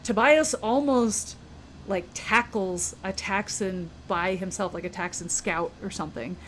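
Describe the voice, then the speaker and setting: Woman co-host, chatty storyteller, mid pitch, faint background noise. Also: a little slow. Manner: animated storyteller acting out characters' lines. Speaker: podcast co-host. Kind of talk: casual book discussion.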